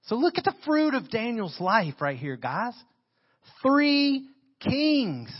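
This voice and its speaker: A man preaching a sermon as pastor. He reads scripture and comments on it with animated emphasis into a handheld microphone. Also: high-pitched, moderate pace, slightly rough, muffled recording.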